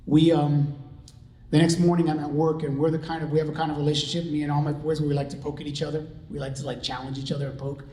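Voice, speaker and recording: A man's voice: fairly high pitch, flat delivery, quick pace, warm tone, a little hiss or hum. Earnest middle-aged man in an echoey room. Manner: earnest, conversational, with many fillers and restarts. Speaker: father giving a testimony. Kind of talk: personal testimony talk. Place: large room with an audience.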